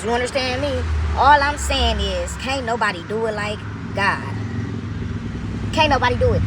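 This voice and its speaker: In a noisy setting, a medium-pitched woman speaks casually to her camera about faith from inside her parked car. Her manner is preachy and insistent, with repeated lines and pet names like honey and baby.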